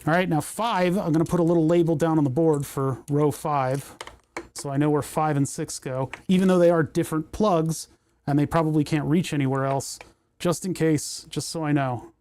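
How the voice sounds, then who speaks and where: A man's voice: a little high, fairly even intonation, moderate pace, a little mellow, no room sound. Rambling man tinkering on a livestream. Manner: rambling, self-deprecating, thinks aloud. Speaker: livestream host. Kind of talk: casual livestream chat while repairing.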